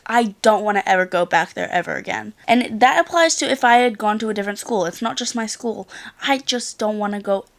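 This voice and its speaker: A woman's voice: mid-range voice, brisk, creaky. A young woman in her late teens chatting casually to camera as a vlogger, rambling through a story with lots of "like" and the odd swear. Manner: rambling storyteller, filler-heavy with frequent "like", swears.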